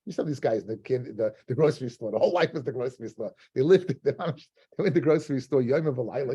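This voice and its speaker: Husky-voiced man teaching Talmud. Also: medium pitch, fast talker. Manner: animated, conversational, with Hebrew and Yiddish terms. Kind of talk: Talmud lesson with storytelling.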